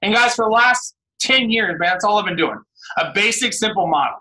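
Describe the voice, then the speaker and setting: A man in his thirties giving a fired-up motivational pep talk on a team call, shouting often and calling the listeners "guys" and "man". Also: high-pitched, animated, brisk, poor audio. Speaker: guest speaker on a team call.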